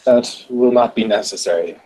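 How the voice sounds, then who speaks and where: A man's voice: fairly low pitch, normal speed, mellow, lightly acted, low-quality recording. A man voicing a stern female werewolf elder in a tabletop game, speaking curtly and firmly. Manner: curt and firm.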